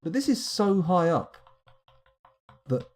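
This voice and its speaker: Live-streaming his gameplay, a man speaks slowly in a high, slightly mellow, very animated voice. His commentary is rambling and self-directed, full of muttered wry remarks.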